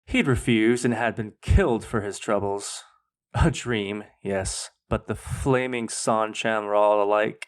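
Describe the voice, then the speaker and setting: A man hosting a podcast, reading his own fan fiction aloud in a measured, dramatic way. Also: lowish voice. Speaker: podcast host.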